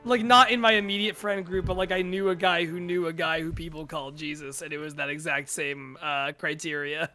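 A man chatting casually while gaming, quick with jokes and laughter, swearing at his mistakes. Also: a little high, level tone, bright, forceful tone, soft background music. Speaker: podcast co-host.

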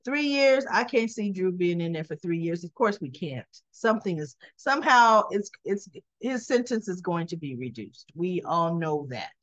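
Woman, 60s, chatty soap recapper, animated delivery, dry and slightly lo-fi sound. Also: moderate pace, hardly any pauses, no echo. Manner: chatty, acting out the characters' lines with lively pitch jumps. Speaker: soap opera recap vlogger. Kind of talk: casual episode recap. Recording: slightly dull, lo-fi audio.

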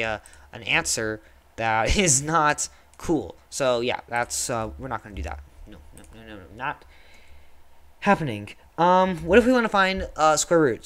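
A young man casually teaching a coding lesson over a screen recording, thinking aloud with fillers and quick self-corrections. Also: medium pitch, a bit bright.

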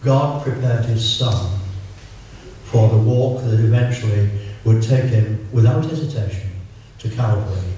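An older man from England giving an informal, joking sermon, slowing down whenever he quotes scripture. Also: mid-range voice, dark tone, a little hiss or hum. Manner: chatty, self-mocking, slows right down for scripture. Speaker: preacher. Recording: echoey room, voice from far off.

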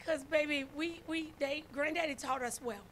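A woman's voice: high-pitched, normal speed, a bit bright, slight background noise. A woman preaching a sermon, folksy and storytelling, calling out to her congregation. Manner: folksy, storytelling, calls out to congregation with "y'all" and "right?". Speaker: first lady preacher.

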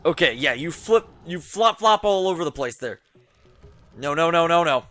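A man's voice: on the high side, expressive, normal speed, fairly bright tone, faint music behind. A young man giving frustrated let's play commentary, swearing a lot and muttering to himself as he plays. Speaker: gaming YouTuber.

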